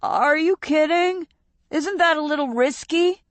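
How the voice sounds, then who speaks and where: A woman's voice: on the high side, slow pace, no room sound, voice pushed up. A woman narrator voicing a nervous, doubtful teenage boy asking worried questions. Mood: anxious.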